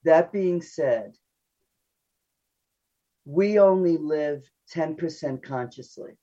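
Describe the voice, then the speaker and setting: An older woman, a psychoanalyst guest on a radio interview, talking fast and chatty and laughing at herself. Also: deep voice, warm tone. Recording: dull lo-fi radio audio.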